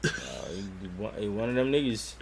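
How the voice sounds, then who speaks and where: A man's voice: on the low side, fast, darkish tone. A man co-hosting a casual podcast, laid-back and profane as he retells scenes in detail. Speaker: podcast co-host. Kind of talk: casual chat reviewing a cartoon.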